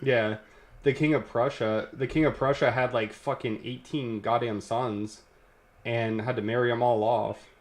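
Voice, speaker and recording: A man chatting on a live stream, spinning a rambling story. His speech is loose and profane, full of restarts and bursts of laughter, and his pitch sits in an ordinary middle range. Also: steady tone, measured pace. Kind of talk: casual storytelling chat.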